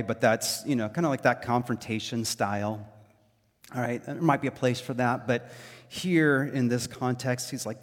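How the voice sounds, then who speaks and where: A man preaching a sermon as pastor, talking in a loose, conversational way with lots of fillers and lively storytelling. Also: medium pitch, long reverb tail.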